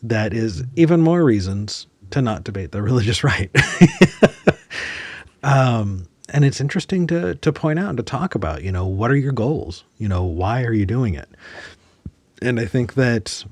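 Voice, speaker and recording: A man's voice: mid-range voice, expressive, normal speed, a little mellow, no echo. A man hosting a podcast, talking reflectively and searching for words with frequent restarts. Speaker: podcast host. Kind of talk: casual conversation.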